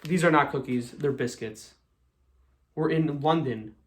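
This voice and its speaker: Chatty American magician, light tenor. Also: male voice, on the high side, a little slow. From United States. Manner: chatty, joking, self-deprecating. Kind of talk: live magic show patter.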